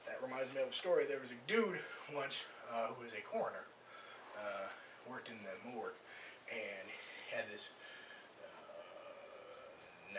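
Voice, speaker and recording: Guy doing standup, rambly and sweary, high animated voice, echoey room from far away. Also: background noise. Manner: loose rambling delivery with acted-out voices and swearing. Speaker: stand-up comedian. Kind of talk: stand-up comedy set. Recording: echoey room recorded from afar.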